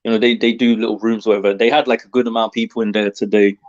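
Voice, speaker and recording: A man with a British accent, chatting as a guest on a live stream in a relaxed, laughing way. His audio comes through dull and lo-fi. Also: fairly low pitch, racing. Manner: laughing, easygoing. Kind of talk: casual chat.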